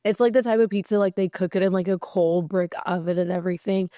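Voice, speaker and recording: A woman hosts her podcast alone, talking casually and rambling along with the odd swear. Her voice is hoarse and worn, and the room sounds dry and close. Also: fairly low pitch, fairly even intonation, quick pace, warm tone, no room sound. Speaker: podcast host. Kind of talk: casual solo podcast chat.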